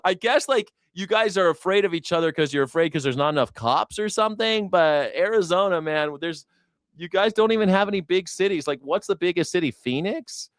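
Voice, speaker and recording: A man's voice: sits high, animated, a little fast, no echo, studio quality. A man hosting a news reaction show, rambling in a casual, profane way and laughing often. He grew up in the United States. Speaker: host.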